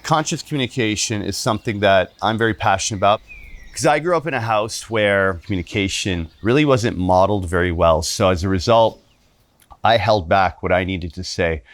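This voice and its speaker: A man's voice: sits low, no room sound. A man leading a retreat, giving an earnest teaching talk and telling stories. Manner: earnest, acts out voices in stories.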